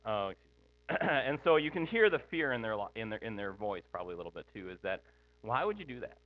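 Middle-aged guy preaching, chatty and rambling, lowish voice, thin phone-ish sound with hum. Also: fast, dull audio. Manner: conversational, thinking aloud with frequent asides. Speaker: pastor. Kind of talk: sermon.

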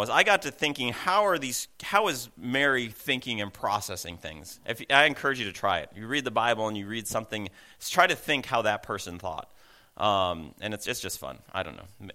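A middle-aged man, a pastor, preaching a sermon in a relaxed, conversational way with self-deprecating asides and frequent restarts. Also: medium pitch.

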